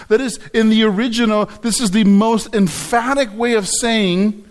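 High-voiced man preaching emphatically. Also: steady tone, unhurried. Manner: emphatic, repeats words, stresses key phrases. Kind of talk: sermon.

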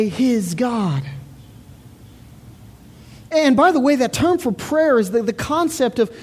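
A woman's voice: fairly high pitch, a little mellow, husky. A woman preaching a sermon in an earnest, emphatic way, repeating words as she builds her point. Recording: reverberant hall.

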